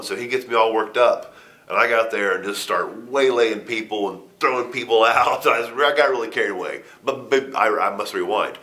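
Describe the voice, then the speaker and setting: A man's voice: lowish voice, fairly quick, bright, forceful tone. A middle-aged man in an interview, telling a story in a casual way with a lot of swearing, laughter and stammered restarts. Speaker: interview guest, wrestler.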